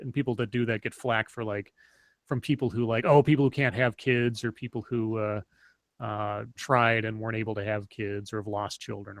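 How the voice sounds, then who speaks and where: A man hosting a casual stream chat, telling stories in a rambling way with many halting restarts. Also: mid-range voice, fairly bright tone, no room sound. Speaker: stream host.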